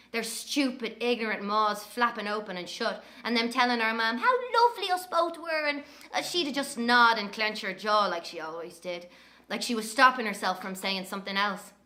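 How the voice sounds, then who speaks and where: An actress playing a sharp-tongued, brash young Irish woman telling stories in an audio drama monologue. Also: medium pitch, close to an everyday voice. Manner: brash, scornful, lively storytelling.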